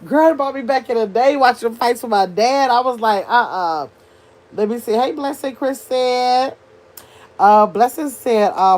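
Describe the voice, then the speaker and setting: An older woman hosting a casual livestream, chatting with her viewers and reading their comments aloud as she thinks out loud. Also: on the high side, moderate pace. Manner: chatty, animated, thinks out loud, addresses chat as y'all. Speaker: livestream host reading chat.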